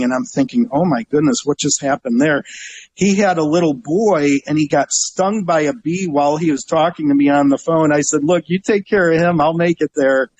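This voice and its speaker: Animated middle-aged man telling stories. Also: fairly high pitch, poor audio. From Northeast Ohio. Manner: animated storyteller, acts out voices, laughs often. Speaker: guest, travel website owner. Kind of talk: casual storytelling interview.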